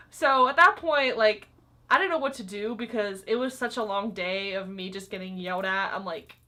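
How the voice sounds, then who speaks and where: Her voice sits in the mid range, bright and forceful, and she keeps a moderate pace. She's a young vlogger chatting to camera about her old job, leaning heavily on fillers like "like" and "um."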